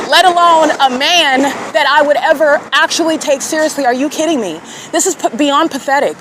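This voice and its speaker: A woman's voice: high voice, a bit bright. A woman podcaster delivering a scornful, accusatory monologue outdoors in an urban square. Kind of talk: confrontational monologue. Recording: clear traffic noise outdoors.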